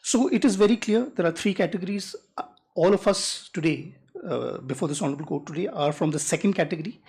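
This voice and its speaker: Advocate, husky voice, deliberate courtroom argument. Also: medium pitch, a little mellow. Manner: measured, deliberate, reads rules aloud slowly. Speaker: advocate arguing before a judge.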